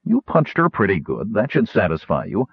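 A man voicing a calm, steady knight. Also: lowish voice, moderate pace, husky, dry recording, highs cut off, exaggerated voice.

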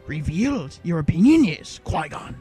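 A man voicing an ancient, small, wise male alien master who speaks slowly with inverted word order. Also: a little high, big pitch swings, warm tone, breathy edge, soft background music, exaggerated voice. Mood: challenging.

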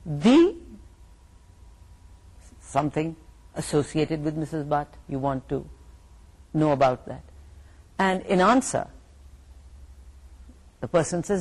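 A middle-aged woman with a Pakistani English accent giving a university English lecture, slow and deliberate, repeating and rephrasing her points. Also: low voice, lively intonation, a little mellow, slightly rough. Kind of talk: recorded lecture.

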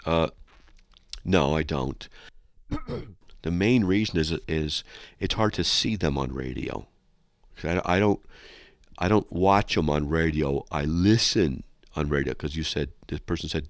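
A man's voice: animated, normal speed, creaky, long pauses, dry recording, studio quality. A man hosting a radio show, reading listener mail aloud and answering it in a sarcastic, mocking way. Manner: sarcastic and mocking, with big swoops in pitch.

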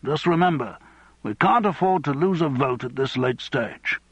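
A man's voice: a little high, animated, moderate pace, husky, dry recording, voice pushed up. A man voicing a commanding senior party whip who gives firm instructions.

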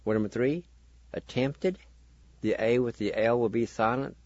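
A man hosting a radio language lesson, spelling words out and sounding each syllable slowly and deliberately. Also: mid-range voice, a little mellow, no room sound, highs cut off.

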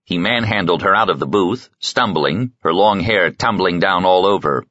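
A man reading an audiobook with lively, dramatic storytelling narration. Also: sits low, moderate pace, hardly any pauses, dry recording, dull audio. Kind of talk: scripted narration.

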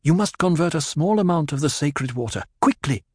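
A male reader puts on a young desert woman whose voice sits noticeably higher than his own, quiet and firm, speaking with mystical certainty in a dry, close audiobook recording. She gives orders without raising her voice. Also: expressive, fairly quick, husky, no room sound. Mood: commanding.

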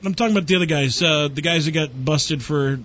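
A man's voice: a little high, fast talker, fairly bright tone. A man hosting a radio show, brash and joking in loose, crude banter. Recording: muffled lo-fi recording.

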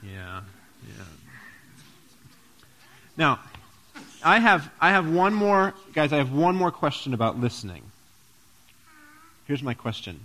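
Lively pastor giving a children's sermon. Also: male voice, fairly high pitch, takes it slowly, long pauses. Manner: playful, asks kids questions.

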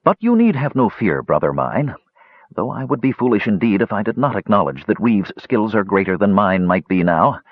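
A man's voice: fairly low pitch, sing-song, normal speed, no room sound, lo-fi sound. A man voicing a cold, secretive young male mage who speaks in a cool, cryptic, humorless way.

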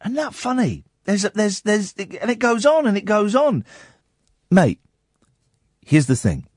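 A man hosting late-night talk radio, his pitch sitting a touch high and swinging widely as he teases and needles. The sound is close and dry in the studio. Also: big pitch swings, slightly rough, no room sound. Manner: mocking, drawn-out jabs at a listener. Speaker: radio talk show host.

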